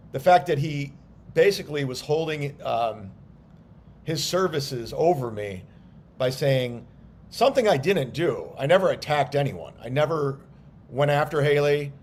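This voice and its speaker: A man's voice: on the high side, a little mellow, a little hiss or hum. A man, a stand-up comedian, ranting on a livestream, annoyed and defensive, swearing bluntly as he explains himself. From United States. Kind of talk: livestream rant.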